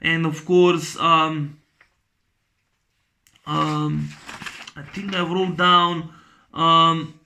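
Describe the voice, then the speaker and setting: Bright-voiced man, halting and full of ums. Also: fairly high pitch, level tone, creaky, a little hiss or hum. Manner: halting, many ums and restarts; blunt, swears freely. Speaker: movie reviewer. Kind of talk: casual spoken film review.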